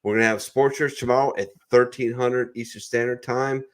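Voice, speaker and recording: A man's voice: mid-range voice, steady tone, a little fast. A male host of a veterans' talk show wrapping up in a casual chat, rambling with fillers and restarts. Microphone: online call microphone.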